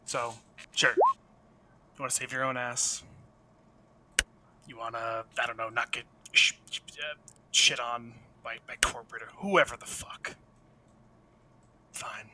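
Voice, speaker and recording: A man's voice: fairly even intonation, slow, pauses often, noisy background, lightly acted. A man voicing a weary, defiant man who refuses to give up a friend, speaking with a stubborn, bitter edge. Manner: stubborn, bitter, low-key.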